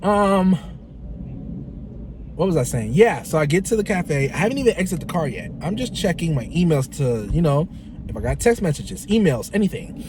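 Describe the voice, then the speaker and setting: A man telling a story in a casual vlog, animated and profane, imitating his friend in shifting voices. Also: on the high side, moderate pace, background noise. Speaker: vlogger.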